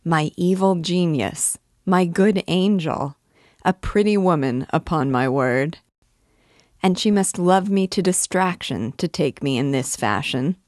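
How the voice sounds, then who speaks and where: A woman reading aloud, voicing an earnest, talkative young male poet who pleads gallantly, in a low, dry voice. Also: unhurried, darkish tone, no room sound, close to an everyday voice. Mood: musing.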